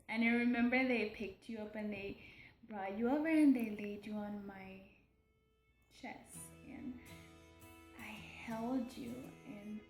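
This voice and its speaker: A young woman recording a personal video diary for her daughter, talking in an emotional, hesitant way with many pauses and restarts. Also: on the high side, roomy sound. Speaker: mother keeping a video diary.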